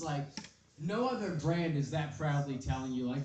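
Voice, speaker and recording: A young man doing a stand-up set, rambling, self-deprecating and deadpan. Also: a little high, normal speed. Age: young adult. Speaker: stand-up comedian. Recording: echoey club from far off. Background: crowd noise.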